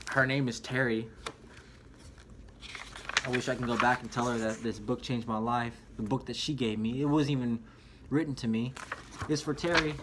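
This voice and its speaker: A man's voice: medium pitch, fairly bright tone, a little hiss or hum. A young man talking casually to camera about a book, rambling and chatty, often calling the viewer dude or man. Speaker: vlogger reviewing a book. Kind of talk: casual spoken review.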